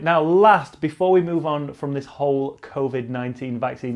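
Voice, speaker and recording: A man hosts casual cycling news in a blunt, sarcastic way. His voice sits fairly high, and he swears freely and repeats lines for emphasis. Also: steady tone, a little fast, hardly any pauses, darkish tone. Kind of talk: casual online news commentary.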